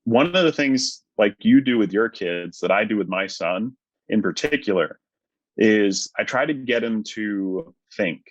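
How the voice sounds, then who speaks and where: Man, deeper voice, reflective podcast guest, muffled dry recording. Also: animated, measured pace, no room sound. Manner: thoughtful, explains with restarts. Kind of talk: casual conversation. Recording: dull dry lo-fi audio.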